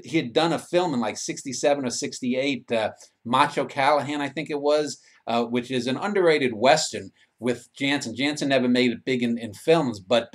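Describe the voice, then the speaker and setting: A man in his fifties from New York who hosts an interview series, rambling through side stories with many restarts over a video call. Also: medium pitch. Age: 50s. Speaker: interviewer and host. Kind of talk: casual interview talk.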